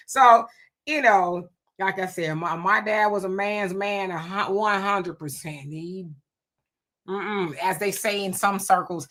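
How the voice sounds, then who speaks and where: A woman hosting a casual livestream, reading out viewer comments and telling animated stories. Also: medium pitch, a little slow. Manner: animated storytelling with frequent laughs. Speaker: livestream host.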